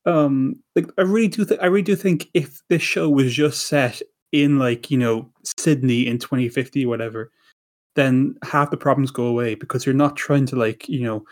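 A man's voice: medium pitch, steady tone, normal speed, darkish tone. A man co-hosting a podcast, chatting casually and rambling with many restarts and repeated words. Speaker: podcast co-host. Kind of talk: casual chat.

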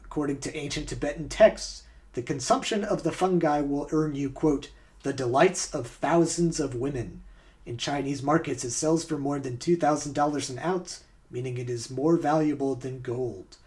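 A man's voice: on the high side, moderate pace, darkish tone. A man hosting a podcast, reading out trivia facts in a quiz game and then chatting casually about the answers. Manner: reads facts aloud, then chats casually. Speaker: podcast host.

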